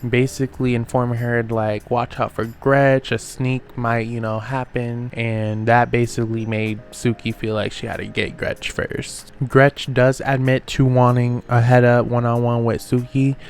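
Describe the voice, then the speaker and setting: A man hosting a casual reality show recap, talking in a sassy, slangy way with quick asides. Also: mid-range voice, flat delivery, a little hiss or hum.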